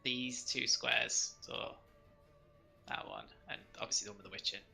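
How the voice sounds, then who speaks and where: A man's voice: medium pitch, very animated, gravelly, pushed and bright, faint music behind, low-quality recording. A man playing a tabletop game, talking casually and in stops and starts as he casts spells. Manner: chatty, stop-start, quick to laugh. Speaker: player casting spells.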